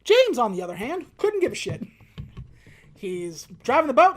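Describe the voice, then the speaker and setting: A woman's voice: a little high, background noise. A woman co-hosting a podcast, casually retelling a movie plot and briefly acting out its characters' lines. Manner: animated retelling, acting out characters in quick voices. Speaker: podcast co-host recapping a film. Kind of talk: casual chat.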